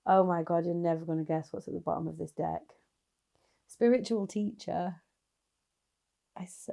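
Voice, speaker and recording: Woman doing a chatty tarot reading, gravelly low-key tone, kinda mellow. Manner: chatty, encouraging, laughs at the cards. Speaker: tarot reader. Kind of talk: casual tarot reading to camera.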